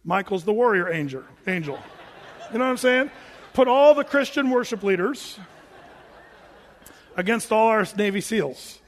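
A pastor preaching a sermon in a joking, animated way, acting out quoted voices as he goes. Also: high-pitched, normal speed, pauses often, slight background noise. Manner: jokey, acts out quoted voices; self-described big guy. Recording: long reverb of a large hall.

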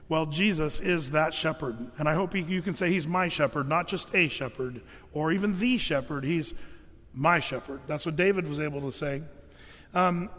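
A man's voice: a little high, a bit bright, in a large hall. A man preaching a sermon as pastor, in a conversational way with many fillers and restarts.

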